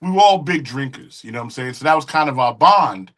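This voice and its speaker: A middle-aged man, a music engineer and guest, casually telling studio stories in an animated way and acting out the quoted dialogue. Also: mid-range voice, fast. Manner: animated storyteller who acts out quoted dialogue. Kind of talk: casual interview storytelling.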